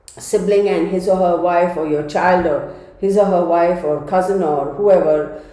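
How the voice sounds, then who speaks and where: A congested woman giving a casual tarot reading, chatty and dramatic. Her voice is mellow and dark. It rings out in a very echoey room. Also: fairly low pitch, steady tone, unhurried. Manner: chatty and dramatic, addresses viewers as y'all. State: congested from a cold. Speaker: tarot reader.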